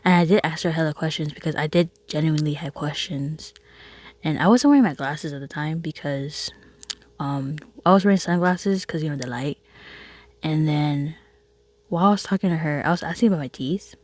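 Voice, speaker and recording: A woman telling a casual storytime to her viewers, chatty and laughing, often dropping into a soft whisper. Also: low voice, fairly quick, no echo. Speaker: vlogger.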